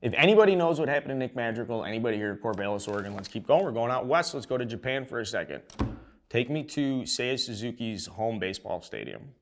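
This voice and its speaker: A man's voice: mid-range voice, fast talker, a little hiss or hum. Rowdy, profane sports-rant man. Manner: profane, excitable, rambling. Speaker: show host.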